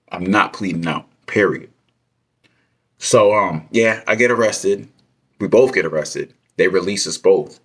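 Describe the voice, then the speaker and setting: A truck driver telling a story in a casual vlog, ranting with heated, profane language. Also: male voice, deep voice, a bit bright.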